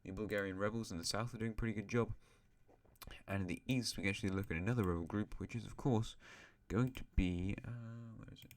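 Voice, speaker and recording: A man's voice: on the low side, fairly even intonation, quick pace. A male host casually narrating an alternate-history map, rambling with asides and correcting himself.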